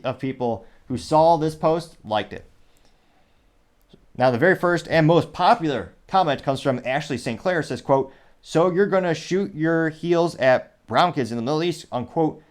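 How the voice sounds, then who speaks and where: A male host giving commentary on news and social media posts, reading comments aloud with dry asides. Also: medium pitch. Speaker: show host.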